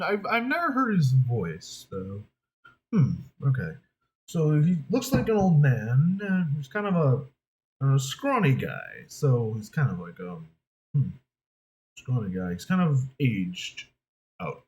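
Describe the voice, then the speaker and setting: A man's voice: fairly high pitch, a little mellow, low-quality recording. A man from New York, a voice actor, chatting casually and thinking aloud with many fillers. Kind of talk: casual talk to camera.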